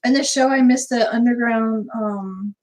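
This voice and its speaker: A woman's voice: on the high side, a little slow, a little mellow, poor audio. A woman from central Florida co-hosting a casual live chat, telling stories with frequent laughter. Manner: chatty storyteller, laughs often. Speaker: co-host of a live chat stream.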